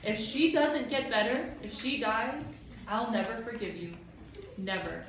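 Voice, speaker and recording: A woman's voice: a little high, a little slow, distant mic, background noise, voice pushed up. A woman voicing a young boy who talks back angrily and defiantly, in an echoey room away from the mic. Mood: angry. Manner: angry and defiant. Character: fierce, protective young boy.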